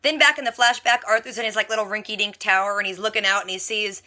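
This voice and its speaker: Snarky chatty woman, bright voice. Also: medium pitch, fairly even intonation, fast. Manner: snarky, chatty retelling full of "like" and "freaking". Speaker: TV reaction vlogger. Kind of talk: casual episode recap.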